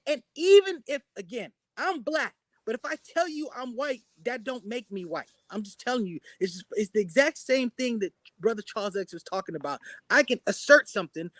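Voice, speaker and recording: A man's voice: very high-pitched, fairly bright tone, no echo. A man in a heated casual debate, dismissive and repeating his points. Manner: repetitive, dismissive.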